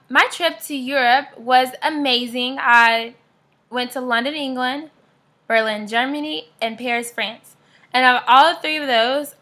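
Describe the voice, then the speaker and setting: Bright high-voiced young woman vlogger. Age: young adult. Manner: chatty, upbeat, rambling with fillers. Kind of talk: casual vlog chat.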